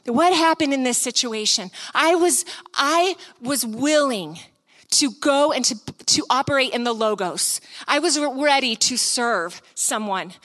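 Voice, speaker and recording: Woman speaker, slightly high, sharp and bright voice, lively sermon storyteller. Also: a little slow. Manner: animated, acts out the scene; frequent filler "like".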